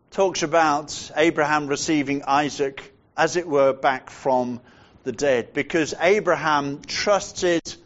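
A man preaching a sermon in a measured way, dropping to a hushed voice to stress points. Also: on the high side, highs cut off.

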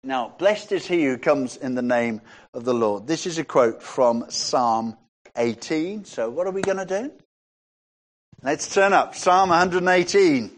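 A man preaching a sermon, reading scripture passages aloud and rising in pitch when he stresses a point. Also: expressive, a little slow.

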